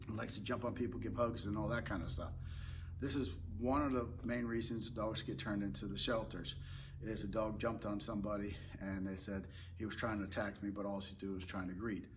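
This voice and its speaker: A man who trains dogs, talking in a relaxed, rambling way and explaining tips casually with fillers and restarts. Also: on the low side, a little fast, noisy background. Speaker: dog trainer. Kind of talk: casual instructional talk.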